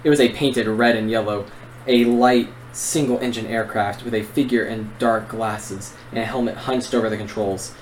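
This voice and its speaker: A man's voice: lowish voice, steady tone, normal speed, slight background noise, rough recording. A young man co-hosting a book podcast, reading narration aloud and chatting eagerly. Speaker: podcast co-host. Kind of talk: reading narration and casual chat.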